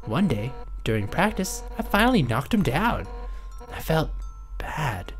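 A brash, hot-headed fish warrior woman, as a woman reads her lines in a let's play, loud and boisterous. The voice sits low but swings wildly up and down. Faint music plays beneath. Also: sing-song, a little slow. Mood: gruff, friendly. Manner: loud, boisterous, bursts of shouting. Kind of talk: reading game dialogue aloud in a let's play.

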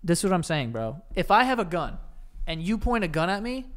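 A man's voice: sits high, sing-song, a little fast, a bit bright. A man co-hosting a podcast, trading blunt, profane, slangy banter in casual chat. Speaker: podcast co-host.

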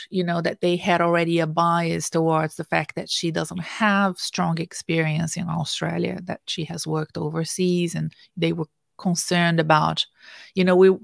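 A woman career coach hosts a casual interview, asking questions with a halting delivery. Her voice is low and gravelly. The sound is dry and close. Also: little pitch movement, no echo. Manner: halting, frequent fillers and restarts.

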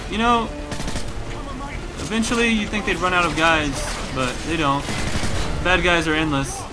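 A man doing jokey, excitable let's play commentary, exclaiming at the game as he plays. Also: on the high side, normal speed, noisy background. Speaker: gaming commentator. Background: loud game music and gunfire.

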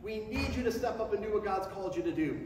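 A man with a very high voice preaches a sermon to his congregation, speeding up and climbing in pitch as his passion builds. He is recorded from far off in a big, echoey sanctuary with a long reverb tail and a faint hum behind him. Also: animated, fast, darkish tone. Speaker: pastor. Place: church sanctuary before a congregation.

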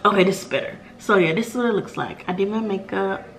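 A woman with a Southern American accent talking casually to her viewers in a home vlog, animated and full of "y'all" and "like.". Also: medium pitch, fast talker, a little hiss or hum. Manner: animated, addresses viewers as y'all, lots of likes. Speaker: vlogger.

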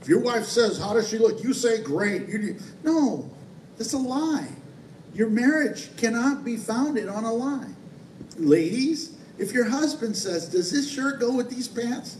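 A man's voice: very high-pitched, animated, a little slow, a little mellow, a little hiss or hum. A man pastor, preaching a sermon in a conversational way with playful asides. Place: church sanctuary. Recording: echoey church hall from far off.

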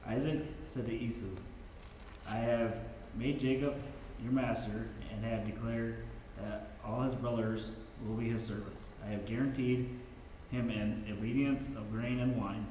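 A man's voice: mid-range voice, fairly even intonation, dark tone. Man reading scripture from across an echoey room. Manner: halting reading with restarts. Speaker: Bible study participant reading aloud. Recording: far-off mic in a very echoey room, faint noise.

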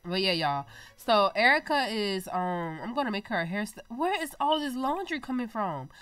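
A young woman hosting her own gaming channel, chatting excitably to viewers over gameplay while her nose is stuffy. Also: mid-range voice, normal speed, no room sound. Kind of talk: casual gameplay commentary.

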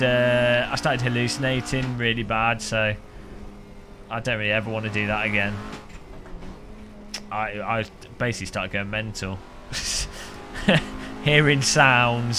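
A man streaming a racing game, joking and rambling with frequent laughs, a little hoarse after hours of talking. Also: mid-range voice. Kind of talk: live-stream gaming commentary. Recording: game car engine noise behind.

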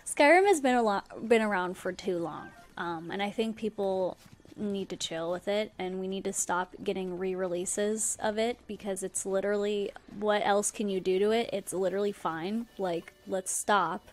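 A woman's voice: medium pitch, moderate pace. A young woman streaming a video game, chatting casually with her viewers, giggling often and using lots of fillers. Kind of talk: casual gameplay livestream chat.

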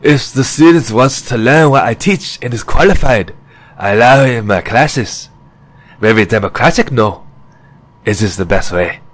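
A man's voice: mid-range voice, animated, measured pace, voice pushed up. A man voicing a fussy, gossipy middle-aged male French professor in an audiobook, precise and slightly sarcastic. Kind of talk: audiobook character reading.

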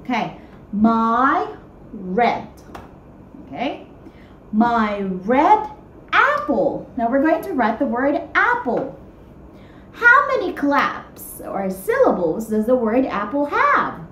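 A woman teaching young children to write, talking slowly and patiently in a sing-song teacher voice and stretching words out. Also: fairly high pitch, very animated, a bit bright, roomy sound, a little hiss or hum, rough recording. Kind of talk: guided writing lesson for young children.

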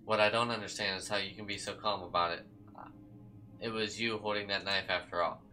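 A man's voice: on the low side, fairly even intonation, brisk, pushed and bright, soft background music, rough recording. A man reading a smug old scheming doctor. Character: cold older male doctor, scheming and smug.

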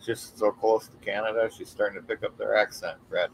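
A man's voice: on the low side, steady tone, brisk, vocal fry, slight background noise, poor audio. A man co-hosting a live online coin auction, greeting bidders by name and showing the coins. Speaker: auction host.

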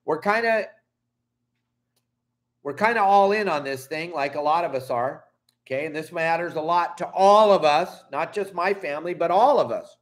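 A man's voice: on the high side, normal speed. A middle-aged man from Southern California hosting a fishing channel, ranting angrily and emphatically, swearing and apologizing. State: upset. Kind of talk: heated vlog rant.

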